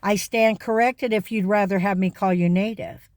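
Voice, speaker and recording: A woman's voice: medium pitch, steady tone, moderate pace, a little mellow, no room sound, studio quality. A woman ranting to camera in an indignant, emphatic way, repeating words for stress. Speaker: vlogger. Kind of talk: direct-to-camera rant.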